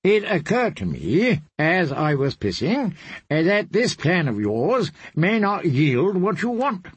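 A man's voice: sits high, sing-song, takes it slowly, breathy edge, no room sound, pitched above the performer's own voice, exaggerated voice. A man reading an audiobook, voicing an arrogant, mocking young knight with a sardonic drawl.

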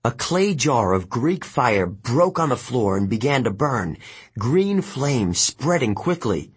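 A man narrating an audiobook in the first person, telling the story in a steady, even way. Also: mid-range voice, slow pace, husky.

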